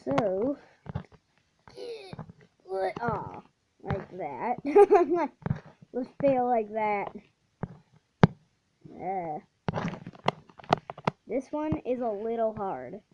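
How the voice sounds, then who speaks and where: A woman hosts her own gaming channel, talking through her play slowly, with many restarts and sudden excited outbursts. Her slightly high voice swings widely in pitch. The recording is dull and lo-fi, with clear steady noise behind her. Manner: halting, restarts often, bursts into excited exclamations. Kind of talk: casual gameplay commentary.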